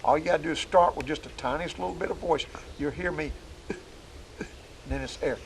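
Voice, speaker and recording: This instructor teaches duck calling out in the woods, demonstrating calls and speaking in a folksy, straightforward way. His voice is a bit high and creaky and slightly quick, and the poor audio carries some hiss or hum.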